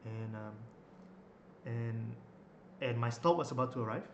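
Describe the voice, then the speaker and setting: Young man, mid-pitched, chatty and rambling, roomy recording. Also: measured pace, dull audio. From Malaysia. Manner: rambling, with many fillers and restarts. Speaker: vlogger. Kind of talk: casual storytelling. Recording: echoey room, faint noise.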